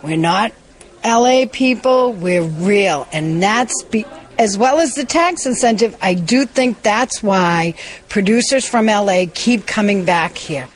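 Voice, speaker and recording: A woman's voice: medium pitch, lively intonation, unhurried. Proud woman, casting director. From Boston. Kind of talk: interview answers.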